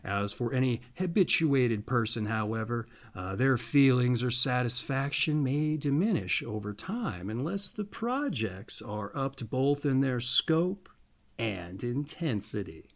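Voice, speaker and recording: A man hosting an astrology video, rambling playfully with little asides, then reading a birthday text slowly and deliberately. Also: mid-range voice, expressive. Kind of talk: casual monologue and reading aloud.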